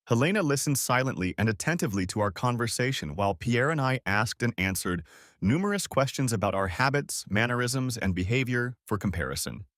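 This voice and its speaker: A man narrates a first-person audiobook story with a measured, expressive delivery. His voice sits at a middle pitch but moves lively through each sentence, recorded dry and close to the mic. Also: no room sound.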